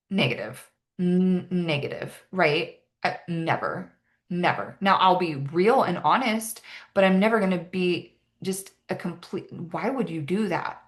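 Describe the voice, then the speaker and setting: A woman's voice: fairly low pitch, unhurried. A young woman coaching in a casual motivational talk, earnest and upbeat, with many "like" and "right?" asides. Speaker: fitness and mindset coach.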